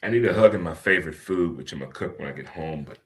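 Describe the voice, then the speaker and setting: A man hosting a casual talk radio show, joking and animated, swinging between loud outbursts and low muttering. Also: fast talker. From St. Louis.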